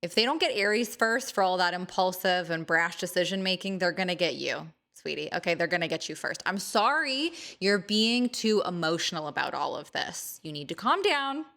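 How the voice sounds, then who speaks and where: A woman's voice: lowish voice, animated, normal speed, hardly any pauses, bright, forceful tone. A woman hosting an astrology video, teasing the signs in a chatty, mock-dramatic monologue. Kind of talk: casual playful monologue to camera.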